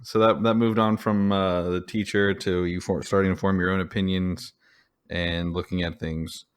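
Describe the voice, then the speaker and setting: A man's voice: deep voice, flat delivery, moderate pace, clear, resonant tone. A man hosting a podcast, steering the discussion with wry follow-up questions. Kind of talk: casual discussion.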